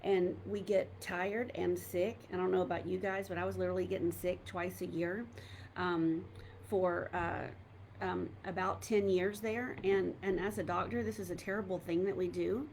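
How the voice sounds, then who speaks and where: A woman's voice: lowish voice, fairly even intonation, moderate pace, gravelly, darkish tone, slight background noise. A middle-aged woman, a doctor and coach, talking casually to viewers from home on a laptop microphone, candid and rambling with many fillers and restarts. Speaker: doctor and coach speaking to an online group. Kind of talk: casual live talk to viewers.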